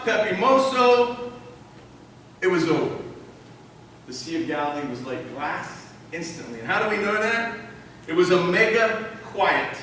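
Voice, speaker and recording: High, bright-voiced preacher in an echoey hall. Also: male voice, recorded from a distance, a little hiss or hum. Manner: emphatic, repeats key phrases, asks the crowd questions. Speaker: pastor. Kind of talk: sermon.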